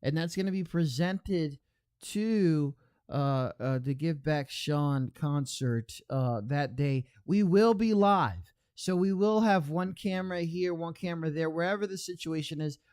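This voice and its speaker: A man hosting an online radio stream in casual chat, rambling along and reading out chat messages with shout-outs. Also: a little high, unhurried, clean tone, no room sound, clean studio sound.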